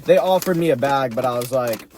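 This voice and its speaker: A man's voice: medium pitch, a little fast, darkish tone, a little hiss or hum. Male vlog host, mid-range voice, loose and jokey, eats while he talks. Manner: joking, rambling, talks while eating. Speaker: mukbang host giving fight picks. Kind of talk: casual vlog chat.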